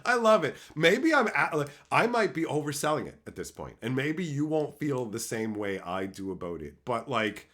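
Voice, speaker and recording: On his livestream, a Canadian man in his thirties chats casually, swearing a lot and laughing often, and slips into high squeaky voices when quoting people. His voice is sing-song and a bit bright, at normal speed with few pauses.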